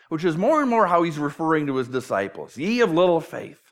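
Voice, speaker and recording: A man's voice: a little high, animated, a little fast. A man preaching a sermon in a conversational way, acting out dialogue with self-deprecating humor. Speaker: pastor.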